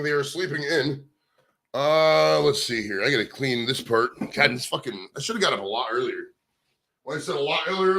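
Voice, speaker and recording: Streamer host: man from the States, bright forceful voice, profane rambling chat. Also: medium pitch. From United States. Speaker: livestream host. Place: his home.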